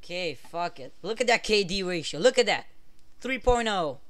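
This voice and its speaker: Excitable high-voiced young gamer guy. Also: moderate pace. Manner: excitable, swearing, bursts into shouts. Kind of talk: casual gameplay commentary.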